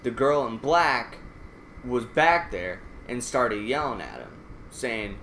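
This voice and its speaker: A man's voice: mid-range voice, expressive, takes it slowly, a bit bright, a little hiss or hum. A man casually telling a rambling, profane story while playing a game. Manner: profane, rambling anecdote with restarts. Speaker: let's play gamer. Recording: echoey room.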